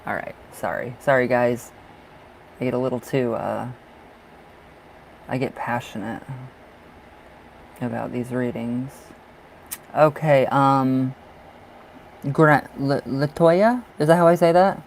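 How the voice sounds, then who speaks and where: On a casual live stream, a chatty, effusive man reads tarot for his viewers, gushing over their love lives and calling them darling. His medium-pitched voice is slow and creaky, with frequent pauses. The low-quality recording carries a faint room hum.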